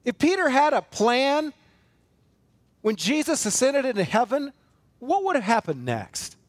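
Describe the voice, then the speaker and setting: A male pastor with a fairly high voice preaches a sermon in a church. He is earnest and emphatic, piling up repeated phrases and firing off rhetorical questions. The sound is close and dry, with little room echo. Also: very animated, unhurried. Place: church sanctuary.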